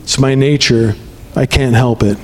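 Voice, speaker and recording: A man's voice: mid-range voice, steady tone, measured pace, darkish tone, long reverb tail, voice pushed down, close to an everyday voice. A man voicing a sly scorpion in a spoken fable, talking in a wheedling, reasonable-sounding way. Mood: matter-of-fact. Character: sly scorpion in a fable, pleading then coldly frank.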